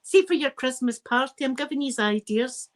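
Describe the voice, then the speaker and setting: A Scottish woman hosting a casual live stream, chatting to her viewers in a rambling, lively way with plenty of asides. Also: sits high, moderate pace, low-quality recording. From Scotland.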